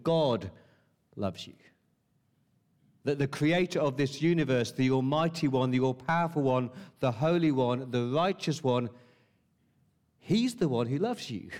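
A man's voice: medium pitch, a little mellow. A man preaching a sermon, stressing key words through repetition and asking the listeners rhetorical questions.

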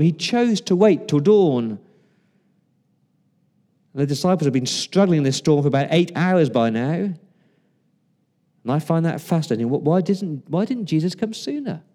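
Man preaching with a mellow tone. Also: a little high, lively intonation. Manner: conversational preaching with rhetorical questions and dramatic pauses; acts out quoted lines in varied voices. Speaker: pastor. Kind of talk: sermon.

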